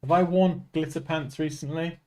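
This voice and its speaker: This design tutor and streamer has a somewhat high, darkish voice with fairly even intonation and a moderate pace. Chatting casually on a live stream from his home desk, he jokes, mocks himself, and laughs a lot.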